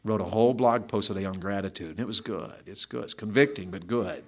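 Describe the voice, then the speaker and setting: A man's voice: fairly low pitch, fast. A man with a Southern American accent preaching a sermon in church, asking his congregation questions and rising into emphatic bursts. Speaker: pastor.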